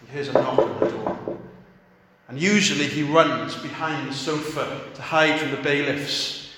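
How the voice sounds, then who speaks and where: A man preaching a sermon, telling a story and acting out the quoted voices softly. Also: a little high, fairly even intonation, unhurried, heavy background noise. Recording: echoey hall.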